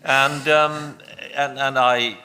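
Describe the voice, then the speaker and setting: A man's voice: medium pitch, steady tone, drawn-out words, pushed and bright. An older man from Wales, a veteran broadcaster, telling a rambling anecdote in a debate with frequent restarts. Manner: rambling storyteller with restarts and self-corrections.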